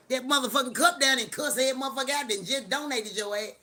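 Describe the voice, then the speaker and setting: A middle-aged woman hosting a live stream, talking in a loud, profane, joking rant. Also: high-pitched, fast, few pauses, a little hiss or hum. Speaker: livestream host. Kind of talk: casual live-stream chat.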